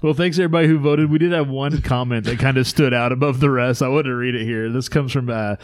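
A man's voice: mid-range voice, steady tone, quick pace, no echo. Man hosting a podcast, dry close mic. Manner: laughs often, explains segment rules. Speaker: podcast host. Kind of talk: casual podcast chat.

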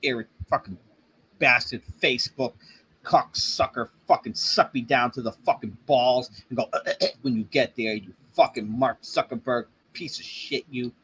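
A man's voice: mid-range voice, normal speed, a bit bright, breathy edge, poor audio. A man co-hosting a casual podcast, ranting in a profane, irritated way. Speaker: co-host.

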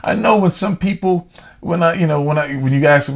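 A man talks straight to his listeners in a relaxed, heartfelt monologue, full of slang and spoken asides. His voice is husky and sits a little high for a man. He draws out his words when he wants a point to land. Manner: conversational, heartfelt, slangy, slows down for emphasis. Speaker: podcast host. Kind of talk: casual motivational monologue.

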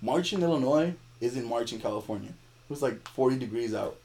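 A young man, a podcast guest, telling a story in casual chat, animated and laughing as he acts out the people in it. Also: medium pitch, brisk.

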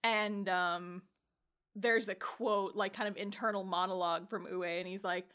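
A woman's voice: mid-range voice, fairly even intonation, unhurried, fairly bright tone, smooth. A woman co-hosting a podcast, casually recapping an anime episode, laughing often and swearing as she acts out the characters' lines. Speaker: podcast co-host.

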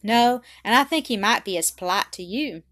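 A woman's voice: mid-range voice, lively intonation, moderate pace, fairly bright tone, no echo, studio quality, lightly acted. A woman voicing an eager, spirited girl. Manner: eager, half indignant. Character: eager, lively girl, quick to take offense.

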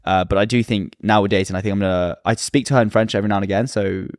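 A man's voice: on the low side, fairly even intonation, racing, dry recording, clean studio sound. A young man, co-hosting a podcast in casual chat, laughing often and swearing freely. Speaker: podcast co-host.

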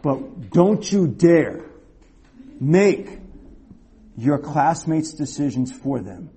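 Animated man preaching with a husky voice. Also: on the high side, drawn-out words. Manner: animated storyteller, acts out shouted quotes, rhetorical "okay?" and "all right?". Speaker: youth preacher. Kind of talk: sermon with storytelling.

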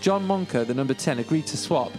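A man reads a story aloud on a podcast, wry and self-deprecating. His voice sits fairly high. Faint music plays under him. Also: lively intonation, a little fast. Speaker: podcast co-host reading a memoir. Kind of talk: reading aloud and chatting.

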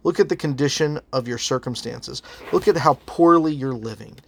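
A man's voice: mid-range voice, normal speed, gravelly. A man voicing Satan as a contemptuous, accusing male figure in a sermon. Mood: sneering.

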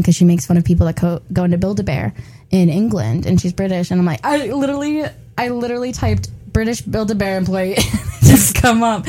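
A woman's voice: fairly high pitch, a little mellow, poor audio. A young woman around twenty co-hosting a radio show, giggling and rambling through casual banter. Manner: giggly, rambling, many restarts. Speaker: co-host.

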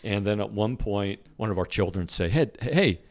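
A man co-hosting a casual chat, calmly adding details and finishing the punchlines. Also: lowish voice, normal speed. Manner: calm, adds short agreements and finishes punchlines. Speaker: co-host.

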